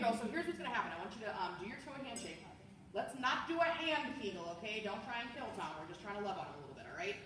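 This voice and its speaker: Woman, party sales presenter, bubbly and animated, bright tone, echoey room from far off. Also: fairly high pitch, slight background noise. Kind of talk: product demonstration to a group.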